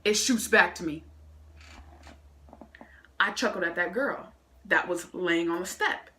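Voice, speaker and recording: A woman vlogger telling a story from school in an animated, slangy way, adding her own sound effects. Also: on the low side, measured pace, a little hiss or hum. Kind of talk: casual storytime vlog.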